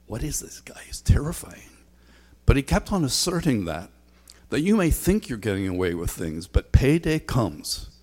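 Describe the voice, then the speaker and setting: A man preaching a sermon as a pastor, talking conversationally with frequent ums and a repeated refrain. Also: lowish voice. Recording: long hall reverb.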